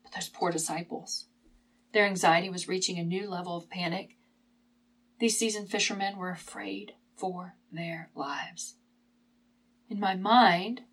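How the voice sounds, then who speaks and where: A woman's voice: mid-range voice, slightly rough, rough recording. Dramatic woman preaching a sermon. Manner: dramatic storytelling, shifting between hushed and emphatic. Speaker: Bible teacher.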